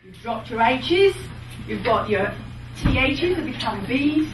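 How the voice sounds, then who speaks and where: A woman teaching accents with lively, playful demonstrations. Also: high voice, takes it slowly. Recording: roomy, from far off, noisy.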